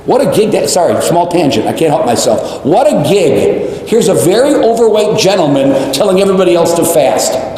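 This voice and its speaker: A male priest preaching a homily, animated and repeating phrases for emphasis, with jokes and tangents. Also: sits high, moderate pace, a little hiss or hum. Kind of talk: sermon. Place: large church. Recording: echoey church, long reverb.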